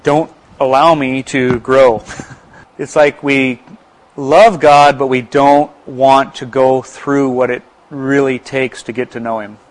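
A man's voice: medium pitch, flat delivery, slow pace. A man with an American accent in ministry, giving an earnest, reflective Bible talk with frequent restarts and asides. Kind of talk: conversational Bible teaching.

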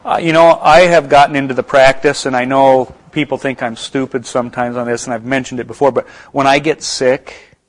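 A man's voice: medium pitch, steady tone, fairly quick. A man with an American accent in ministry, giving an earnest, reflective Bible talk with frequent restarts and asides. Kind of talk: conversational Bible teaching.

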